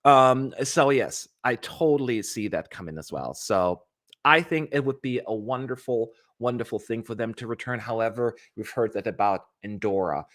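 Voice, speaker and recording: A man hosts a casual livestream, talking straight to his viewers. His pitch sits in the middle range. He rambles through his thoughts and his voice jumps up high in sudden animated bursts. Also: normal speed. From California. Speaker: host of a fan channel livestream.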